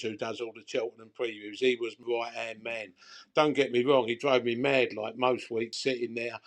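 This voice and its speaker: Animated older London man telling stories. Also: mid-range voice. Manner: rambling, animated, colloquial. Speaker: guest bookmaker. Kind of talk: casual storytelling chat.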